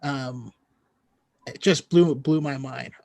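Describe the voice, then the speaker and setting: A man's voice: medium pitch, takes it slowly, creaky, darkish tone. A man hosting a podcast in casual chat, talking with enthusiasm and laughing easily. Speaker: podcast host.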